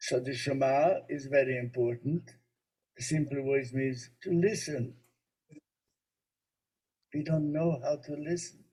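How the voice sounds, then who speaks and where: A man who is a rabbi, giving a spiritual teaching talk that he fills with stories and gentle humor. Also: mid-range voice, steady tone, measured pace, pauses often, breathy edge, rough recording. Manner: storytelling, gently humorous, warmly explanatory.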